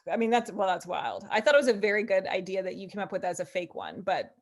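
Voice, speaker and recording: A woman's voice: mid-range voice, expressive, a little fast. Chatty laughing woman guest. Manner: chatty, laughs easily, thinks aloud. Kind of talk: playful casual chat.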